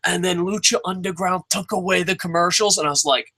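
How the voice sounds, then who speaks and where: Excitable, foul-mouthed young man ranting. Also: high-pitched, brisk. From New Jersey. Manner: excitable, rambling, heavy swearing, self-mocking. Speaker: wrestling show reviewer. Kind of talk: casual profane review rant.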